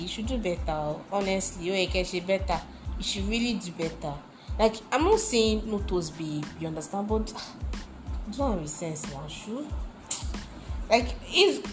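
A young Nigerian woman in her twenties telling a personal story in a casual, animated and indignant way, mixing in Pidgin and Yoruba phrases. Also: mid-range voice. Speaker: vlogger.

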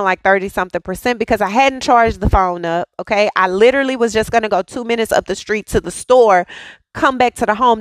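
A woman in her thirties hosts a devotional podcast, sharing a personal testimony in a conversational, storytelling way with frequent emphatic "okay?" check-ins. Her mid-range voice is a bit bright, and the recording is dry and rough.

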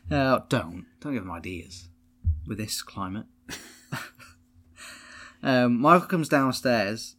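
A man's voice: medium pitch, animated, a bit bright. Laughing man recapping a film. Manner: laughs often, swears, acts out scenes in quick voices. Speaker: podcast co-host. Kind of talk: casual film recap chat.

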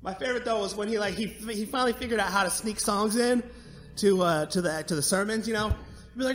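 A man's voice: high-pitched, fast talker, fairly bright tone. A man performing a stand-up comedy set, telling joking stories and breaking into sung bits.

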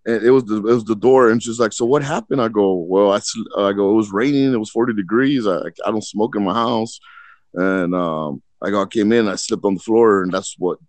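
A man's voice: fairly low pitch, a little fast, darkish tone, no room sound. A man casually telling a long, rambling story on a podcast, swearing often and acting out the voices of people in it. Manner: rambling, profane, acts out voices in his stories. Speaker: podcast co-host.

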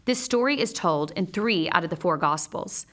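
A woman and mother teaching a Bible lesson in a measured, earnest way, mixing scripture with personal stories. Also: lowish voice, animated, a bit bright.

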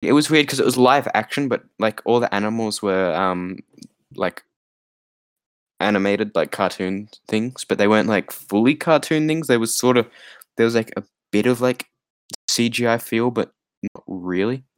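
A tired man rambles casually through a film recap, piling on fillers and laughing often. His voice sits low and sounds dry and close, with no room around it. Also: moderate pace, smooth, no echo. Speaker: podcast co-host. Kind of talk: casual chat about a film.

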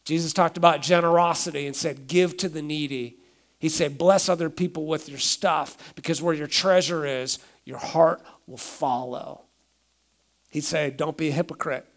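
A man's voice: a little high, steady tone, moderate pace. Conversational male pastor preaching. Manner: conversational preaching, acts out everyday quotes. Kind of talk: sermon.

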